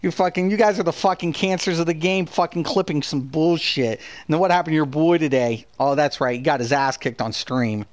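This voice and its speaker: A man's voice: a little high, fairly quick, few pauses, dry recording. A man hosting a live gaming stream, ranting heatedly and profanely while answering his chat. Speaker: gaming streamer and channel host.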